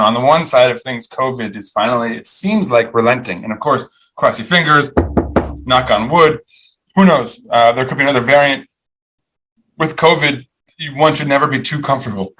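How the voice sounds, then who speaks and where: A podcast host with a mid-range, slightly bright voice offers opinionated, sardonic takes on the week's news, and the audio quality is poor. His delivery is loose and rambling, packed with fillers and restarts.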